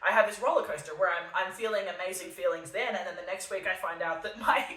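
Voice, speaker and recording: Sardonic woman, bright and roomy. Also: lowish voice, fast talker, recorded from a distance. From Australia. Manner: sardonic, darkly self-mocking. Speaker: podcast host. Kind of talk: solo monologue podcast addressed to an absent listener. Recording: roomy sound from off the mic.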